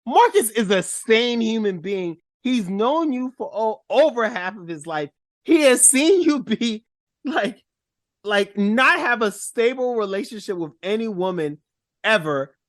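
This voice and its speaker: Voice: mid-range voice, animated, unhurried, no echo. Rambling emphatic co-host, dry sound. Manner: rambling and emphatic, quotes characters with a laugh. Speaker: podcast co-host. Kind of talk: casual movie-review chat.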